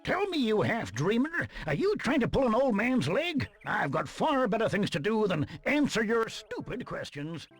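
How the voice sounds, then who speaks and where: An actor playing a rude, impatient old man in a video game, with a husky voice and a scornful, dismissive manner. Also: high voice, big pitch swings, normal speed, hardly any pauses, soft background music, full character voice.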